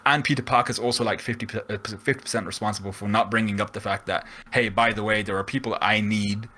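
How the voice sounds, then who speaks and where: Lively man on a podcast. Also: on the low side, quick pace, a little hiss or hum, low-quality recording. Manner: animated, acts out characters in quotes. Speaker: podcast host. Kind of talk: casual chat.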